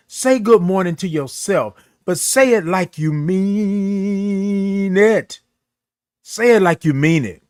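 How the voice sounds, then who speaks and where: A middle-aged man hosts a morning livestream in an animated way. He greets viewers by name and stretches his greetings into sung-out calls. His voice sits high, and the sound is dry and close. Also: no echo. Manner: animated, sings out drawn-out good mornings. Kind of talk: casual livestream talk.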